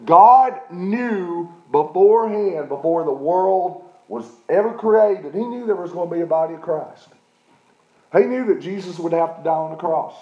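Pastor, middle-aged man, mellow voice set a little high, emphatic sermon delivery, dull lo-fi church recording. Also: roomy sound. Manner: emphatic preaching with repeated "okay?" check-ins.

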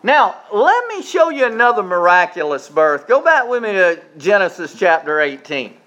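A man preaching a sermon as pastor, stressing key phrases slowly and calling on the congregation to repeat after him. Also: sits high, very animated, sharp tone.

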